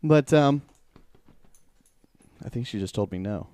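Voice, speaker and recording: A young man hosts a laid-back podcast from a home studio, rambling easily from one thing to the next. His voice is smooth and clear. The sound is dry and close. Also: medium pitch, expressive, measured pace, dark tone, no echo. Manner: easygoing, rambling, laughs often. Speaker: podcast host. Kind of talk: casual chat.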